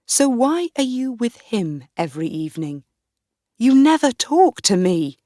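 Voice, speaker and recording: A woman voicing a mocking, jealous young husband who is king, speaking slowly and quietly. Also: fairly high pitch, big pitch swings, no echo, clean studio sound, pitched above the performer's own voice.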